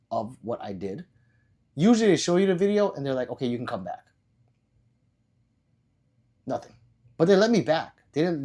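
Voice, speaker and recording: A man's voice: mid-range voice, darkish tone. A man hosting a casual livestream, rambling loosely and swearing now and then. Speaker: livestream host.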